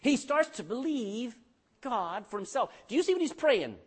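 Animated preaching man, lively swings. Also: very high-pitched, moderate pace, slightly rough. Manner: animated preaching, swings between loud and hushed; calls for amen from the congregation. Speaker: pastor. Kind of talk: sermon.

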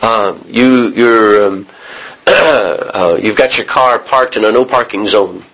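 An American man teaching a Bible sermon in a conversational way, often restarting and clearing his throat. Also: on the low side, slow pace, fairly bright tone, slight background noise, low-quality recording. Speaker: preacher.

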